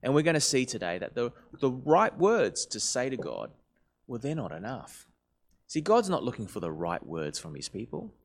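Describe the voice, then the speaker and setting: A man, a pastor preaching in a lively, conversational manner. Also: mid-range voice, normal speed. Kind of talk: sermon.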